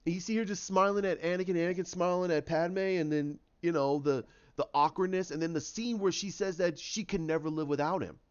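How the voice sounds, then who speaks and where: Guy with a high-ish voice excitedly walking through his story idea, lots of restarts, kinda muffled lo-fi audio. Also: fairly quick, few pauses, clear, resonant tone. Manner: animated, acts out scenes with restarts and sound effects. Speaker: channel host. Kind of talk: casual retelling of a story idea.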